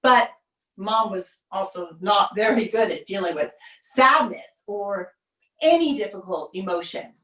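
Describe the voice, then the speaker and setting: Woman solo performer, slow wry monologue, roomy stage sound from afar. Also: mid-range voice, animated, fairly bright tone, recorded from a distance. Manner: measured, wry, pausing for effect. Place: theater stage.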